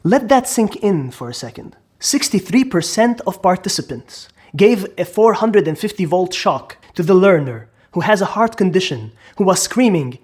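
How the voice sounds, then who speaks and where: A man's voice: high-pitched, very animated, moderate pace, hardly any pauses. A man narrating a psychology lesson in a dramatic way, asking the listener questions. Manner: dramatic, asks the listener questions, acts out quotes. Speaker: psychology lecturer. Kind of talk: explainer video narration.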